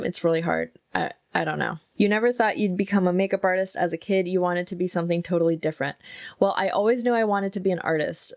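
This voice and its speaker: A woman's voice: medium pitch, a little mellow, dry recording. A young woman, a makeup artist, chatting candidly at home with a close mic, swearing freely. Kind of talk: casual chat. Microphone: close mic with soft, intimate pickup.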